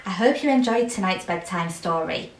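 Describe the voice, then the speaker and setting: A woman reading a children's bedtime story aloud, lively and expressive. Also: fairly low pitch, normal speed.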